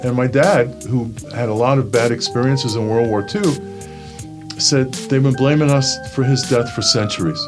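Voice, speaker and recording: A man's voice: medium pitch, moderate pace, music in the background. A man from Brooklyn, giving a personal testimony and acting out the voices in it. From Brooklyn, New York. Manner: storytelling, acts out quoted voices.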